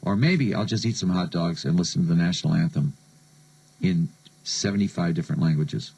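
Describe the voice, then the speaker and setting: Gravelly, sardonic American radio DJ. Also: male voice, low voice, brisk, warm tone, rough recording. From United States. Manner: sardonic, joking storyteller. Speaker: radio DJ host. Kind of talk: late-night radio show patter.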